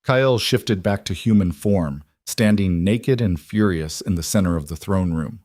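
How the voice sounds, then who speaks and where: A man narrating a scripted fantasy story in a dramatic, steady way. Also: deep voice, measured pace, hardly any pauses, dry recording, studio quality.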